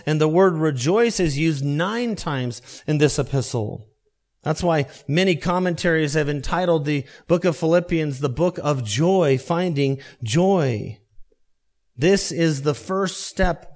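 A man's voice: on the high side, a little mellow. Earnest male pastor preaching. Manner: earnest, repetitive emphasis with slowed key phrases. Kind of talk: sermon.

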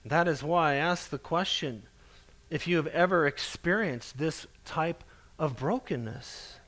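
A man preaching a sermon in an earnest, emphatic way, slowing down to stress scripture. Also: fairly high pitch, expressive, a bit bright.

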